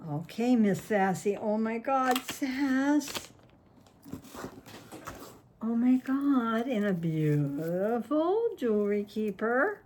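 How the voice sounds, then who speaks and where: A woman talks slowly and gushes as she opens fan mail for her viewers, her voice sitting a little high. She chats on, trails off mid-sentence and breaks off to coo at her cat. A faint hiss sits under the recording. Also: expressive, a little mellow. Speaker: vlogger opening fan mail. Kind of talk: casual chat to camera.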